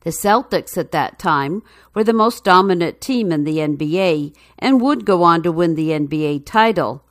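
Female narrator for a news feature: low voice, dry close sound, measured and even. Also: dry recording.

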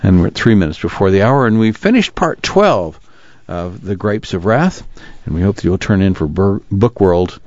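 Deep-voiced man narrating a novel. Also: expressive, normal speed, darkish tone, no echo. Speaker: radio reading-service narrator. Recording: dry, slightly muffled studio recording.

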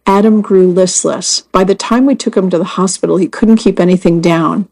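A woman reading first-person magazine stories aloud as scripted narration, in a measured and earnest way. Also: lowish voice, steady tone, gravelly, a little mellow, poor audio. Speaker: magazine story reader.

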